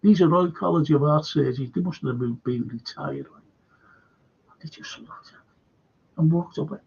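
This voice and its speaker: A man's voice: a little high, moderate pace, gravelly, breathy edge. A man with a Liverpool accent hosting a current affairs livestream, telling a meandering, earnest anecdote full of asides and restarts. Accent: Liverpool (Scouse). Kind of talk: rambling anecdotal storytelling. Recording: dull lo-fi livestream audio.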